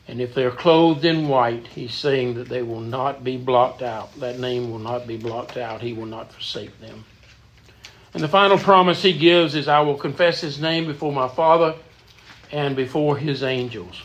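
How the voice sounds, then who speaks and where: A man's voice: mid-range voice, unhurried, a bit bright. A man leading a church Bible study in an earnest, emphatic teaching manner, often repeating words as he goes.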